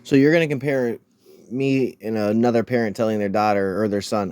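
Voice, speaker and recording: A man's voice: fairly low pitch, fairly even intonation, fairly quick, a little mellow, clear, resonant tone, no echo, clean studio sound. A man hosting a casual reaction video, mocking and crude, tripping over repeated words as he rants.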